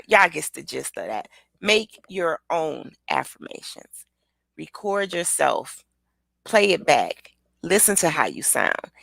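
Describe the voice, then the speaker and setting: Woman motivational host, gravelly voice, lively pitch, casual live-stream chat to viewers. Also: no echo. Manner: lively, chatty, talks straight to viewers.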